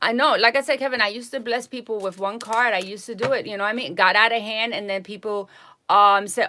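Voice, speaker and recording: A woman hosting a live tarot stream, telling stories to her viewers in an animated, indignant way with frequent asides. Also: fairly high pitch, fast talker.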